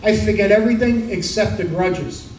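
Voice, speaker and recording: Brooklyn guy, new york italian accent, standup set, deadpan one-liners, sounds far off in an echoey club. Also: sits high, a little hiss or hum. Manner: rapid-fire one-liners, deadpan punchlines. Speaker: stand-up comedian. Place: comedy club stage. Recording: roomy club sound from a distance.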